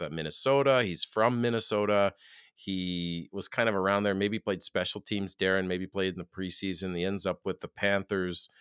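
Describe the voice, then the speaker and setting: A man from Canada co-hosting a casual football talk show. His delivery is excitable and animated, with frequent laughs and sudden jumps up in pitch. The sound is dry and close. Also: dry recording. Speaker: podcast co-host. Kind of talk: casual sports chat.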